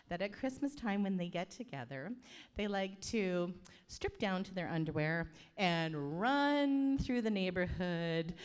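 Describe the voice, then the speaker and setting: A middle-aged woman, the groom's aunt, giving a playful teasing wedding speech into a handheld microphone. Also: mid-range voice. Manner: playful, teasing, laughing often. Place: wedding reception hall.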